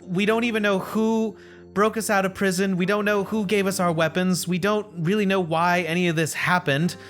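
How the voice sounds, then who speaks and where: A man playing his character in a tabletop game, excitable and playful. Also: sits high, moderate pace, faint music behind. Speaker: player.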